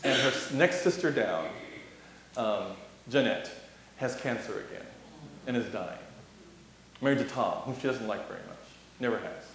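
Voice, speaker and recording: A man giving a storytelling address on youth ministry, animated, acting out voices and laughing as he goes. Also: medium pitch, normal speed, long pauses. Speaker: guest speaker on youth ministry. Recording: echoey hall, faint hiss.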